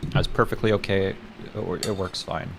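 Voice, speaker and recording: Low-voiced man rambling on a game stream. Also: little pitch movement, moderate pace, vocal fry, noisy background. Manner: rambling, laughing and swearing, restarts often. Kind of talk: casual gaming stream commentary.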